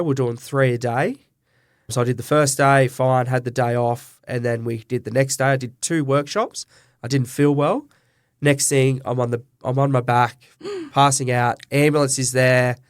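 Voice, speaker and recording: A man's voice: mid-range voice, dry recording, studio quality. A middle-aged Australian man, a butcher and business owner, telling his story candidly and with feeling in an interview. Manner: earnest, emotional storyteller who acts out quoted dialogue.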